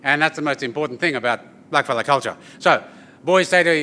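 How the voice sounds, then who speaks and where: An Australian man tells humorous stories to a live audience in a bright, forceful voice that sits high for a man. He keeps it loose and chatty, tossing "yeah?" and "eh?" to the room. He moves between jokes and demonstration at an event. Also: fast talker, a little hiss or hum. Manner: joking, chatty, often ends with "yeah?" and "eh?". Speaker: artist giving a talk and didgeridoo demonstration. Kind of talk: humorous storytelling presentation. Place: corporate event space at a briefing.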